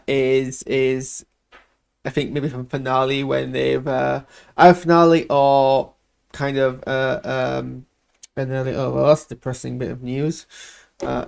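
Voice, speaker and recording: A man's voice: medium pitch, gravelly. A man hosting a casual live reaction to a film trailer, rambling and hesitant with self-deprecating asides.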